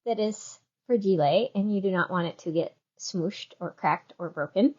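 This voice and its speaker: A woman hosting a yarn shop's live show, chatting casually and walking through products with quick, rambling asides. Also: medium pitch, darkish tone, dull audio. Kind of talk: casual chat with product demo.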